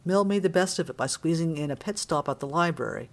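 A woman's voice: low voice, animated, fast. Woman narrating an audiobook. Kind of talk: scripted narration.

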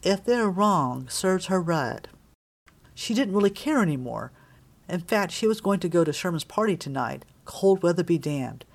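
A woman reading a novel aloud in measured, wry scripted narration. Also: lowish voice. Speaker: audiobook narrator.

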